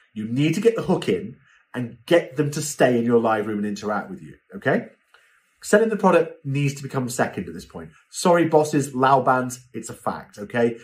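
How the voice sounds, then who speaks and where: Lively British man coaching casually. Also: mid-range voice. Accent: British English. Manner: chatty, animated, acts out quoted voices. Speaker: live-selling coach. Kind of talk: casual instructional talk.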